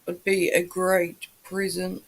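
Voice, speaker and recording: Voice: medium pitch, monotone, slow, breathy edge. A livestream host in a just-woken-up morning voice, chatting casually with viewers and greeting them by name.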